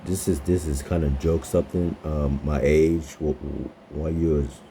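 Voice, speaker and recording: A young man in his twenties with an extremely deep, dark voice, talking slowly to a chatbot. He halts, stammers and repeats words as he searches for what to say. Faint noise sits behind him. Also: steady tone. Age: 20s. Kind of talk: casual chat with an AI character.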